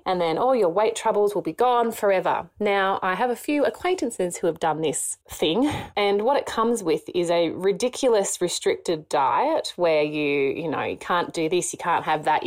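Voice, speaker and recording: A woman's voice: fairly low pitch, darkish tone. A woman co-hosting a podcast, delivering an indignant, sarcastic rant. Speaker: podcast co-host.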